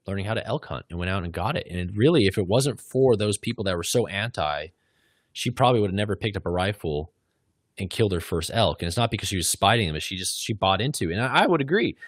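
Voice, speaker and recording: Brief: deep-voiced podcast guest, blunt and driven, tight dry recording. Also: male voice, no room sound. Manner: driven, blunt, casual with fillers and restarts. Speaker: podcast guest, media business owner. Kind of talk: casual podcast conversation.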